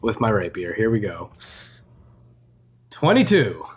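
A man playing a tabletop game, calmly describing his character's actions in a deadpan way. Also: on the low side, a little slow, slightly rough. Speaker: player. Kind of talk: casual game-table chat.

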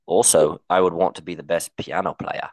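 A man's voice: low-pitched, flat delivery, moderate pace, a little mellow, no room sound. A young man co-hosting a podcast in casual chat, laughing often and restarting his sentences. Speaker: podcast co-host.

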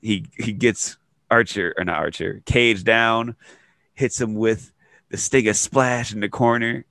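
A man co-hosting a podcast, recapping wrestling in casual chat, excitable and laughing often. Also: fairly low pitch, unhurried, creaky, dry recording, clean studio sound. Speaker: podcast co-host.

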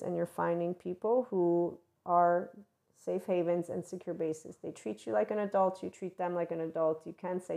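Woman hosting a new-moon guidance talk, playful and animated, slips into excited asides. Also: lowish voice. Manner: animated, playful, acts out enthusiastic voices. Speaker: channeled guidance host. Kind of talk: spiritual monologue.

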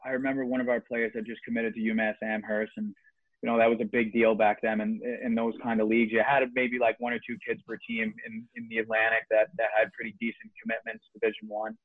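A man's voice: on the low side, quick pace. A young man who tells a story in a loose, rambling way and swears often. He sounds like he is on a thin, phone-like line. The sound is dry, with no room echo. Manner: rambling, profane, animated storyteller. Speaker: podcast guest, former junior hockey player. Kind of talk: casual storytelling chat.

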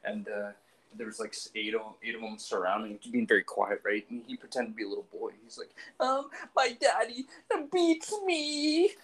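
A man's voice: fairly low pitch, level tone, fast, fairly bright tone, poor audio. A man in his forties chatting casually on a podcast, rambling and hesitant in a subdued way. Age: 40s. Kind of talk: casual chat.

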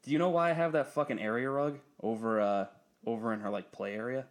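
A young man in easy, casual chat, telling a long story with plenty of swearing. He laughs often and gets animated when he quotes other people, and his voice leaps upward. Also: medium pitch, fast talker.

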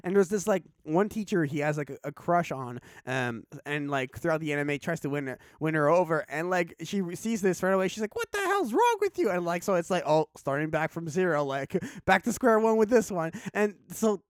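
A man's voice: fairly high pitch, a little fast, hardly any pauses, dry recording, studio quality. A man hosting a casual chat, rambling with lots of fillers and restarts, acting out characters in his retelling. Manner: rambling, filler-heavy, acts out characters mid-story.

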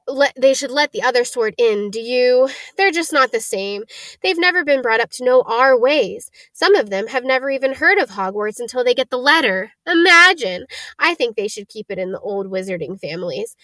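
A woman's voice: on the high side, lively intonation, normal speed, fairly bright tone, no echo. A woman reading as a drawling snobbish boy. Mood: haughty. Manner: drawling, haughty. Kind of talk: read-aloud storybook voice.

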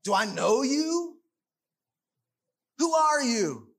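A man's voice: very high-pitched, very animated, drawn-out words, a bit bright, heavily acted. A preacher voicing a mocking male unclean spirit that jeers with scornful questions. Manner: jeering rhetorical questions.

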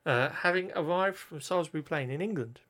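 A man's voice: a little high, fairly quick, a bit bright. A man reading history notes aloud, often stumbling over words, correcting himself and adding joking asides.

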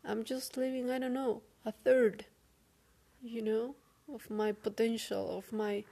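A woman speaking English as a second language in a personal confessional vlog. She sounds weary and frank, talks haltingly, and swears often. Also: fairly high pitch, level tone, gravelly, warm tone. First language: not English. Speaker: vlogger.

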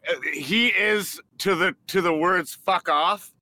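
A man's voice: high voice, takes it slowly, sharp tone. A man co-hosting a podcast, chatting casually and joking crudely. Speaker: podcast co-host.

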